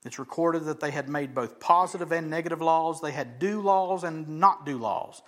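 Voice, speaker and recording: A man with a notably high voice delivers a sermon. He moves between hushed, almost whispered passages and loud, emphatic lines, and he briefly acts out the people in his story. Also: moderate pace. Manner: dynamic preacher, swings from loud emphasis to hushed near-whisper; acts out quoted voices of crowds and Jesus. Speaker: pastor.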